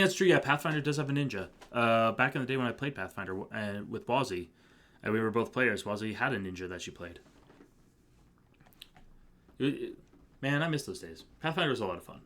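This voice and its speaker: A man's voice: mid-range voice, animated, brisk, a bit bright. A man streaming a game, chatting casually with viewers and reading dialogue aloud in a joking way.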